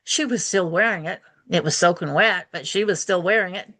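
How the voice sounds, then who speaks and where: A woman telling a story aloud to a group, voicing the characters' lines with lively shifts in pitch. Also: fairly quick, no echo. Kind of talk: oral storytelling performance.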